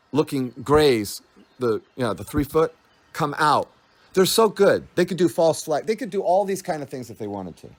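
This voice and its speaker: A man's voice: fairly high pitch, darkish tone. A man giving a rambling spiritual monologue, meandering and restarting his thoughts, often laughing. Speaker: spiritual speaker.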